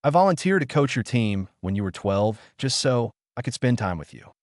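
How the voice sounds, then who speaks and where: A man's voice: mid-range voice, big pitch swings, normal speed, no echo, studio quality, natural voice. Man reading as a pleading secret father. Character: secretive middle-aged biological father.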